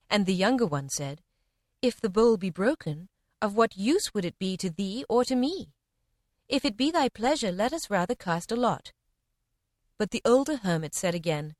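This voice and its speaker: A woman giving a measured, expressive reading of short parables in old-fashioned language. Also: mid-range voice, no echo, clean studio sound. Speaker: reader. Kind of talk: scripted narration of parables.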